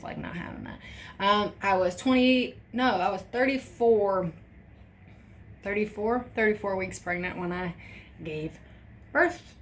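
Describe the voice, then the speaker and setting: A young woman vlogger tells a personal story in casual chat, candid and swearing often while acting out the voices she quotes. Her voice is lowish and gravelly, with slight background noise.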